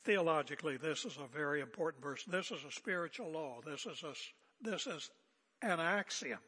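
A man's voice: a little high, expressive, normal speed, bright, forceful tone, husky, big-room sound. An older man preaching an expository sermon as pastor, conversational and emphatic with joking asides.

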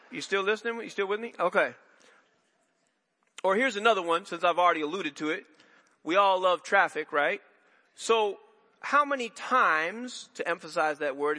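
Man preaching, fairly high bright voice, chatty rambling delivery, long hall reverb. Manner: conversational, rambling with repeated restarts and asides. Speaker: pastor. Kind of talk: sermon. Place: church sanctuary.

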